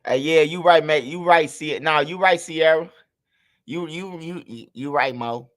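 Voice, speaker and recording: A man streaming live chats loosely with his viewers, swearing as he tells them a story. The voice is on the high side and fairly bright, and he takes his time.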